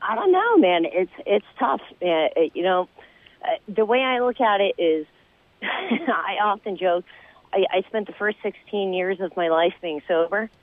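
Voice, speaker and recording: Guy calling into a radio show, monotone and halting, thin phone line sound. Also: sits high, no echo. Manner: monotone, halting with many fillers. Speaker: caller. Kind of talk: casual chat.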